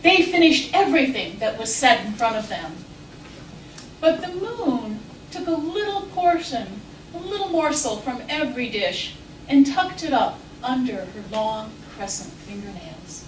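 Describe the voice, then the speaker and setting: A woman storyteller with a high voice unfolds a tale at an unhurried pace. Her voice rings around a roomy hall, caught from a distance. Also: sing-song, a little hiss or hum. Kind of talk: live storytelling. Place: festival stage.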